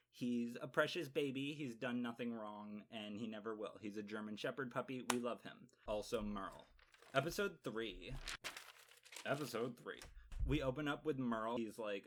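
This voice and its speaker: Male vlogger recapping episodes; campy, sarcastic, swears a lot, medium-pitched voice. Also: moderate pace. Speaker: TV show reviewer. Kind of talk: casual comedic episode recap.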